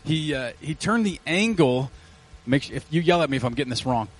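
Guy preaching in church, chatty and animated, voice a bit high, says man a lot. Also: fairly quick, husky, poor audio. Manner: casual, animated preaching with slang asides. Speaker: pastor. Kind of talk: sermon. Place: church sanctuary. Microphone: handheld or headset mic.

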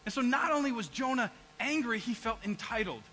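A man's voice: very high-pitched, animated, fairly quick, pushed and bright, a little hiss or hum, poor audio. A man preaching a sermon in church, acting out people's complaints to God and asking his congregation questions. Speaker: pastor.

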